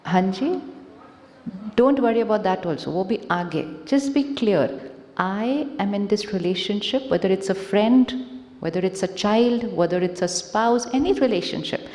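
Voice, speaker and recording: A woman's voice: medium pitch, animated, normal speed, warm tone. A woman with an Indian English accent gives an inspirational talk to a live audience, asking them questions and switching into Hindi. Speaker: spiritual speaker. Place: large conference hall. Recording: echoey hall with long reverb.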